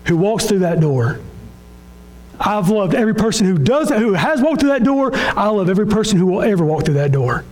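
A pastor preaching a sermon with impassioned, repetitive phrasing that swings between soft low lines and raised high ones. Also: male voice, big pitch swings, fairly quick, poor audio. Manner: impassioned, repetitive preaching with sudden drops and rises in pitch.

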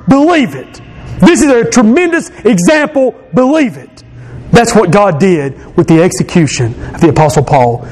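A man's voice: high voice, darkish tone, a little hiss or hum, poor audio. A man preaching an emphatic sermon as pastor, repeating phrases for stress.

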